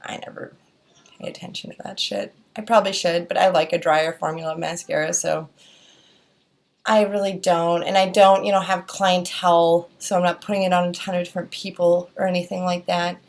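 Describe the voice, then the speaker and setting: A woman's voice: fairly low pitch, flat delivery, brisk, gravelly. A young woman with a Wisconsin accent, chatting casually through a beauty product review, rambling with lots of fillers and restarts. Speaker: beauty vlogger.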